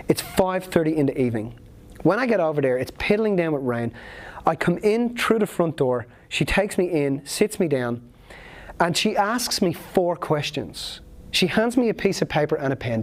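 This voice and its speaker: A man speaking at a seminar, telling a personal story in an earnest, emotional, vivid way. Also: on the high side.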